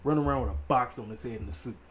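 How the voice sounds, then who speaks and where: A man's voice: mid-range voice, racing, slight background noise. Chatty man reviewing wrestling. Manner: animated, conversational, addresses viewers as ladies and gentlemen. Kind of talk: casual solo commentary.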